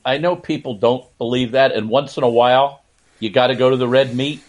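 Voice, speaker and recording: An older man guesting on a podcast interview. He tells long anecdotes in a relaxed, conversational way, often laughing through the punchlines. His pitch sits at an average male level. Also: a little fast. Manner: anecdotal, laughs while telling stories. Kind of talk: casual interview storytelling.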